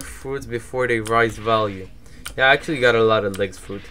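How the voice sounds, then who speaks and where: A young man giving casual, low-key commentary while livestreaming a game, now and then flaring up at opponents. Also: normal speed, slight background noise. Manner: laid-back and low-key, flares up loud and angry at opponents. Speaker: streamer.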